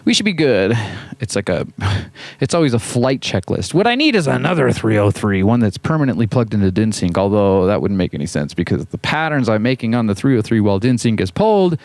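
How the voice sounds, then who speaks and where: A man chatting through a hands-on synth jam, his pitch bouncing up and down as he talks. He jokes and wanders off on little tangents between tweaks. The sound is dry and close, with no room around it. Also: sing-song, brisk, creaky, a little mellow, no room sound. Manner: playful, joking, rambling asides. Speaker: host and synth musician. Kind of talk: casual hands-on synth demo chat.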